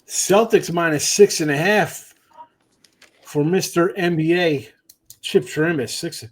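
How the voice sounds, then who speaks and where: A man's voice: fairly high pitch, unhurried. Man, New Jersey accent, betting show host, raised voice, joking rants. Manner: joking, ranting, rambling. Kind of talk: casual sports betting chat.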